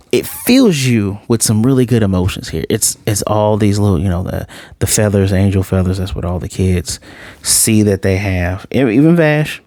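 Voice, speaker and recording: A man walks through an anime episode in a loose, chatty review, with a voice that sits a little low. He retells scenes in an animated way, leaning on "like" and stumbling into restarts. The sound is dry and close, with no room around it. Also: no echo.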